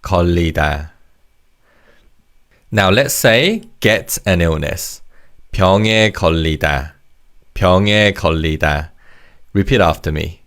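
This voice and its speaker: A man's voice: low voice, lively intonation, moderate pace, long pauses, fairly bright tone. A man teaching Korean vocabulary in English, explaining word parts and leading repeat-after-me drills in a patient, encouraging way. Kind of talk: language lesson narration.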